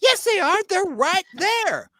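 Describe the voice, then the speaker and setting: A panelist voicing an indignant woman customer who complains loudly and insistently, in a much higher voice than their own. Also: very animated, takes it slowly, a little hiss or hum, exaggerated voice. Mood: outraged. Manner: loud, outraged, insistent. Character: indignant adult woman customer at a late-night gas station.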